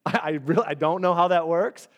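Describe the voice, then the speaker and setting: At normal speed and with a voice on the high side, a man preaches as a pastor. He keeps it animated and conversational, playing out little exchanges between characters.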